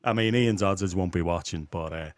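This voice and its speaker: A man's voice: low-pitched, normal speed, dry recording. A man co-hosting a casual chat show, teasing his co-host with dry banter.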